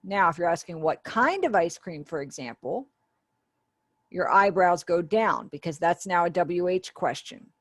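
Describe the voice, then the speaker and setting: A woman's voice: fairly low pitch, animated, measured pace, no echo, studio quality. Woman voicing a sign language lesson. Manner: conversational, explaining step by step with asides. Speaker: ASL voice interpreter for a webinar teacher.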